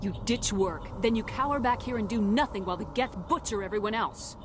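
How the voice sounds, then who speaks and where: Brief: actor playing a hard-nosed commander, fast, blunt questions, game audio with noise underneath. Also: medium pitch, close to an everyday voice. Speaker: military commander questioning a witness. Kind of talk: video game voice acting.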